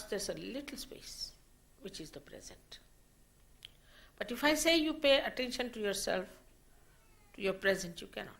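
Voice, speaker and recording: A woman giving a slow, deliberate spiritual lecture, in a 1990 archive recording. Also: medium pitch, a bit bright. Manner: slow, deliberate teaching with rising emphasis. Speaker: spiritual teacher.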